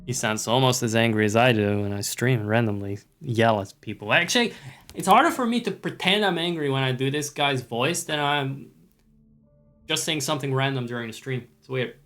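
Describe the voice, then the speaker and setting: Male streamer, casual profane commentary, slightly strained throat, bright tone. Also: medium pitch, a little fast, soft background music. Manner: profane, joking, laughing asides. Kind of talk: casual let's-play commentary.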